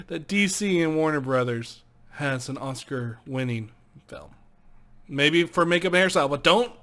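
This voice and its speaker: A young man giving casual movie commentary in a vlog, excitable and swearing freely, laughing often. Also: fairly high pitch. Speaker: movie vlogger.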